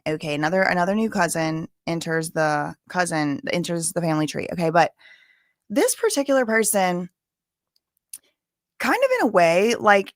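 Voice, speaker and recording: A woman's voice: fairly low pitch, dry recording, studio quality. Chatty Cajun woman hosting a livestream. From Louisiana. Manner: chatty, rambling, with filler words and asides. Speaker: livestream host. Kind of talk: casual livestream chat.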